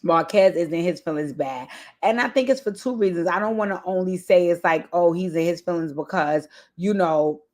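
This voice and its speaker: A woman's voice: lowish voice, normal speed, darkish tone. A woman giving casual, candid commentary on a reality show, emphatic and profane, often tagging "right?" onto her points. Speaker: reality TV recap host.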